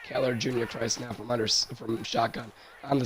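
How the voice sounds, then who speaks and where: A hoarse young man doing play-by-play commentary of a football game, his worn-out voice jumping high on big plays. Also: little pitch movement, a little fast, slight background noise. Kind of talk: solo sports commentary over a video game.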